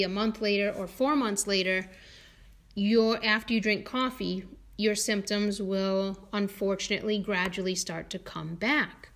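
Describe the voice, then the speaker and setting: Woman homeopath in casual chat; midrange pitch, loose and chatty with frequent ums and restarts. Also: fairly bright tone. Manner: chatty, many fillers and restarts, laughs often. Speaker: homeopath and podcast guest. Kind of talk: casual conversational talk.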